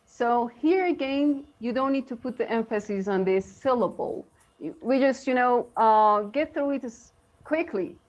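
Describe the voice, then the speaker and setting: Slow-talking woman teacher on a lo-fi call. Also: a little high, lively intonation. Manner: slow, halting, many fillers. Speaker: co-host English teacher. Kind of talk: live online pronunciation lesson. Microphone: video call. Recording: dull lo-fi stream audio.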